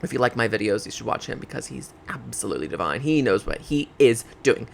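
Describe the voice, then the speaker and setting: A man's voice: mid-range voice, big pitch swings, fast talker, creaky. Campy guy rambling over his game footage, voice bouncing all over, faint hiss behind. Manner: campy, chatty, drag slang; rambling with fillers and self-checks. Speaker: game video creator. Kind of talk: casual gameplay commentary.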